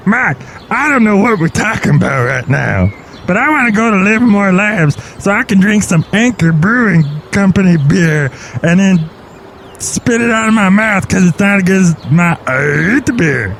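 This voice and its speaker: A dopey male brewmaster, put on by a man in a comedy podcast, talks in a raised, nasal-high register. He brags about his own brew and loses track of the conversation. Faint noise sits under the voice. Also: expressive, moderate pace, gravelly, a bit bright, heavily acted. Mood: boastful. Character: dim, boastful male brewmaster of root beer.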